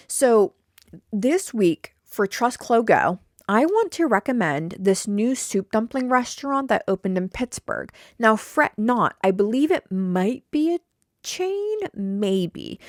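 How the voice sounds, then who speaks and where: A woman's voice: medium pitch, dry recording, studio quality. Chatty, blunt young woman podcaster. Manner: chatty and blunt, with repeated words, swearing, and mock quotes. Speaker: podcast host. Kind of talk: casual solo podcast chat. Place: home attic podcast studio.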